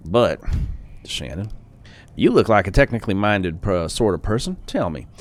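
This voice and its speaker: A man's voice: fairly low pitch, very animated, moderate pace, a little hiss or hum. A man voicing an absent-minded old man who mumbles, trails off and forgets what he was saying. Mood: rambling.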